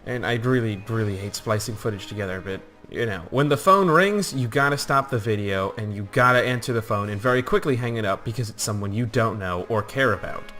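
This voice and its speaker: A man's voice: fairly low pitch, fairly quick, hardly any pauses, bright, forceful tone, faint music behind. A man giving casual, rambling commentary over his own strategy gameplay, joking and acting out the soldiers in silly voices. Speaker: gaming YouTuber.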